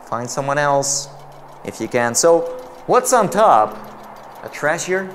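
A fairly high, very animated male voice that swoops up and down as he talks through a game. He is jumpy and jokey, and he exclaims and laughs often. His pace is unhurried, with faint game music behind him. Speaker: VR gameplay commentator. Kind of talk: let's-play commentary.

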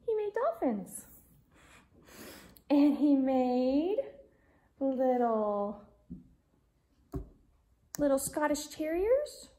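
A woman's voice: high voice, very animated, very slow, long pauses, mellow. A woman teaching a Bible class to small children from home, in a sing-song, exaggerated way with songs and animal sounds.

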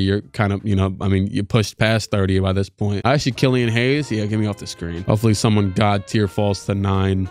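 A man streaming a basketball video game, giving rambling casual commentary and excited play-by-play calls that jump up in pitch. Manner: excitable, voice jumps high during play calls; rambling, self-correcting.

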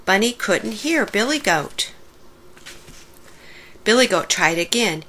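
A woman reading a children's picture book aloud, slowly and expressively. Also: medium pitch. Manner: slow, warm-paced expressive reading. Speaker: storybook reader. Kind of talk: children's story read-aloud.

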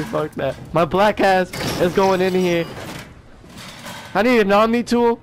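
A man playing a horror game, talking to it out loud, jumpy and quick to swear. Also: sits high, music in the background. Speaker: gaming video host. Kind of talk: let's play horror game commentary.

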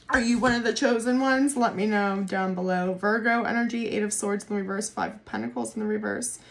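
Excitable woman giving a tarot reading. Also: medium pitch, moderate pace, a little hiss or hum. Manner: excitable, swears freely, laughs often. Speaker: tarot reader. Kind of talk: casual tarot reading monologue.

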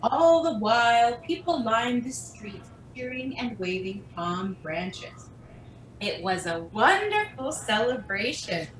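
A woman with a high, lively voice leads a children's talk, coaxing and encouraging the listeners to join in. She speaks unhurriedly, and the sound is echoey and distant, as if recorded from the back of a church with a faint rumble underneath. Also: takes it slowly. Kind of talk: children's message with call-and-response. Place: church sanctuary.

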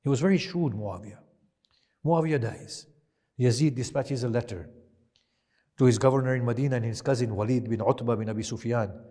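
A man preaching a Muharram sermon, retelling events with impassioned swings from loud emphasis to hushed quiet. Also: mid-range voice, brisk, long pauses. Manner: impassioned, rising to loud emphasis then dropping to hushed tones. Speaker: shaykh giving a Muharram lecture. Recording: long hall reverb.

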